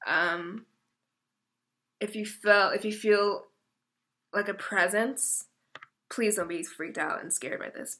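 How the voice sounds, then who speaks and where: Young woman tarot reader, bright, crisp tone, casual and chatty, emotional, stops herself mid-sentence. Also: medium pitch. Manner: chatty, self-interrupting, emotional. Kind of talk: casual tarot reading video.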